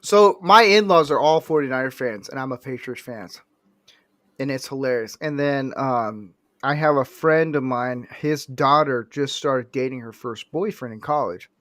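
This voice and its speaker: A man's voice: mid-range voice, moderate pace, no echo, clean studio sound. A man co-hosting a casual sports chat, telling stories and acting out what people said. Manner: animated storyteller, quotes people in put-on voices. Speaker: podcast co-host.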